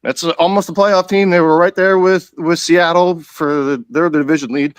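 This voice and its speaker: A middle-aged man calls in, upbeat and sure of himself. His voice is smooth and somewhat high, and the sound is dry and close. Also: fairly even intonation, moderate pace, dry recording. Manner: enthusiastic, confident. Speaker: caller.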